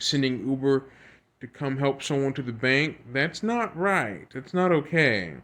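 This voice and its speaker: A video creator with a mid-range voice, pushed and bright, reads news articles aloud and adds his own comments. He's earnest and repetitive, often stumbling over words and starting again in a halting way.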